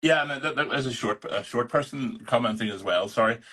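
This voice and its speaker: Husky man, wry and blunt. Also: mid-range voice, a little fast, fairly bright tone. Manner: wry, blunt and self-mocking. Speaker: host of an online live chat. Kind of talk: casual live chat and reading aloud.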